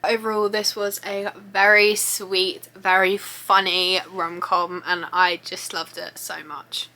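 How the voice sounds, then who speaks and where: Young female book vlogger, bright and forceful tone, gushing and chatty delivery. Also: mid-range voice, level tone, takes it slowly. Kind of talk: casual reading vlog updates.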